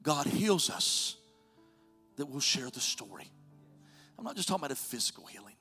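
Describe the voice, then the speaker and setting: A man preaching a sermon as pastor, telling stories and swinging from loud urging to soft near-whispers. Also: mid-range voice, sing-song, moderate pace, soft background music.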